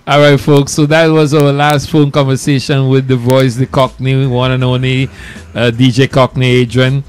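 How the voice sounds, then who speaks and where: A man hosting a community radio talk show in a loose, animated, bantering way. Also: mid-range voice, moderate pace, clear, resonant tone.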